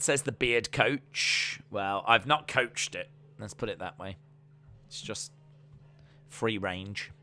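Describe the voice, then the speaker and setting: A man's voice: medium pitch, takes it slowly, sharp tone, smooth, soft background music. A man hosting a casual wrestling watch-along stream, chatting and reading out viewer comments. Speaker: live stream host.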